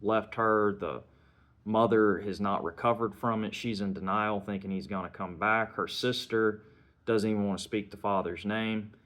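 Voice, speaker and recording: A man's voice: fairly low pitch, fairly even intonation, normal speed, fairly bright tone. A man giving a casual spoken film review, retelling scenes and dialogue in a conversational way.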